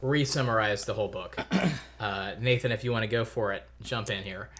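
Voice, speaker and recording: A man hosting a podcast in casual chat, chatty and quick to laugh. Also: lowish voice, background noise. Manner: chatty, laughing, full of fillers. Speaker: podcast host.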